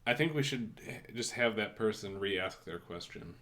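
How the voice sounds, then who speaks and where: A man hosting a casual tech talk show, relaxed and a bit hesitant as he reads listener questions. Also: on the low side, normal speed. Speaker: podcast host.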